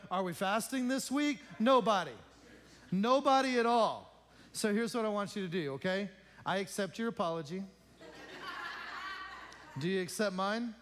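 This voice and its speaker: Joking high-voiced male pastor. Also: unhurried. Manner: joking, chatty, asks the congregation questions. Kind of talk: informal church announcements. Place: church sanctuary.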